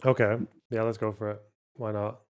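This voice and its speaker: A man's voice: fairly low pitch, little pitch movement, moderate pace, clean tone. A man hosting a live stream, chatting casually and swearing freely. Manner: laid-back, swears casually. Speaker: streamer host. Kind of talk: casual chat.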